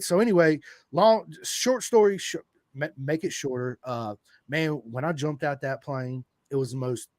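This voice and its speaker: Male podcast guest, casual and animated, dry recording. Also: dry recording. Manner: animated, swearing, acts out quotes with big pitch jumps. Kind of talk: casual storytelling chat.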